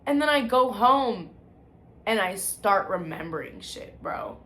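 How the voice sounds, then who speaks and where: Woman, confessional storytelling vlog, blunt and profane, halting restarts, roomy echo, faint background hiss. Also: mid-range voice, expressive, pushed and bright. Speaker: vlogger sharing personal testimony. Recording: echoey room with faint background noise.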